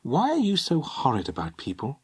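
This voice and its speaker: A man's voice: medium pitch, wildly swooping pitch, normal speed, darkish tone, husky, no room sound, pitched above the performer's own voice. A man doing a timid, anxious teenage girl. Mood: indignant. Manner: hesitant, pleading.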